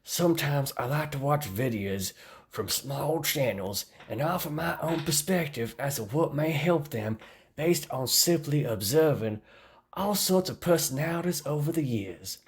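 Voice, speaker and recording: A woman voicing a preachy male commenter in a put-on Southern drawl, mocking and slow. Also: low voice, expressive, voice pushed up. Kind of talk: mock reading of a comment.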